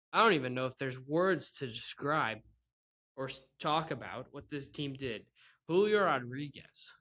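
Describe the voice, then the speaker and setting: Bright-voiced man on a sarcastic rant. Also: mid-range voice. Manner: sarcastic, exasperated ranting with bursts of laughter. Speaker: podcast host. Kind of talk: solo sports podcast rant. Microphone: microphone with laptop and camera.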